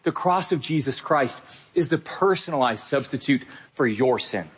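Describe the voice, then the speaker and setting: A man's voice: medium pitch, expressive, normal speed, slightly rough. A male pastor preaching a sermon, talking straight to the listener with earnest, emphatic repetition.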